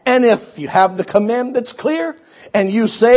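A man preaching a sermon, animated, acting out quoted voices and swinging between shouts and hushed asides. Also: very high voice, a little slow.

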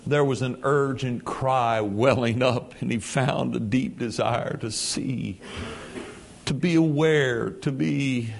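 A man preaching a sermon, reading scripture in an archaic cadence and swinging from hushed tones to shouting. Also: medium pitch, slow pace, creaky, slight background noise.

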